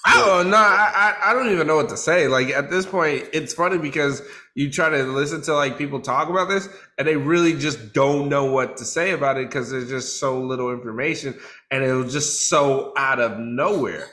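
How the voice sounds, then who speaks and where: Bright-voiced woman, podcast co-host. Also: rumbling low, moderate pace. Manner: laughs often, animated storytelling. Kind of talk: casual chat.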